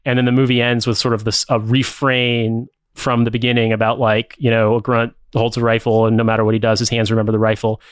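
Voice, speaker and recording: A man's voice: mid-range voice, flat delivery, fast, hardly any pauses, smooth, no room sound, studio quality. A man co-hosting a podcast, casually recapping a film plot in a rambling, profane way, with lots of "like" and "uh". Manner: rambling, profane, many fillers. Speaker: podcast co-host.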